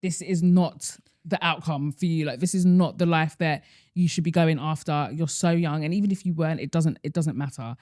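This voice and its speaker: A woman's voice: sits low, moderate pace. A young woman co-hosting a podcast in casual chat, easygoing, with dry asides. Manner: easygoing, backs up her co-host with steady agreement and dry asides. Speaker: podcast co-host.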